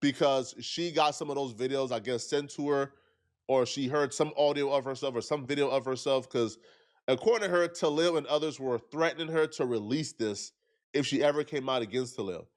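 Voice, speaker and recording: A man's voice: medium pitch, brisk. A man giving earnest, argumentative commentary, repeating himself to press his points.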